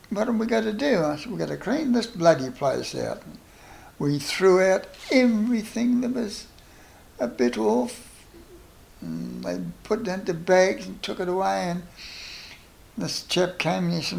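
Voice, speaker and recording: A man's voice: sits high, expressive, normal speed, creaky. An older man with a New Zealand accent, telling wartime stories as a veteran and acting out both sides of each conversation. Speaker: veteran interviewee. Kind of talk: oral history storytelling. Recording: roomy echo.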